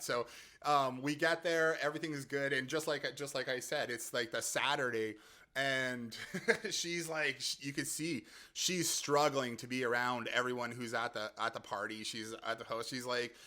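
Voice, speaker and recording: A man talks through a casual explainer in a chatty, easygoing way. He laughs often and restarts his phrases as he goes. His voice is bright and forceful and sits at an ordinary pitch. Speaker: app creator and host.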